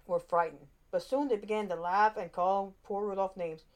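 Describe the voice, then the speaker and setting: Brief: woman reading a kids' storybook, expressive, a few stumbles. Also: mid-range voice, moderate pace, hardly any pauses. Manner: expressive, with small slips and restarts. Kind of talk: children's storybook read-aloud.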